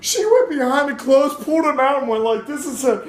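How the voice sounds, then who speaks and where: A man's voice: very high voice, a little fast. A man telling a wild anecdote in casual, profane talk, acting out the voices of the people in it. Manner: profane, lively storyteller acting out quoted voices. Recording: roomy recording with faint ambient noise.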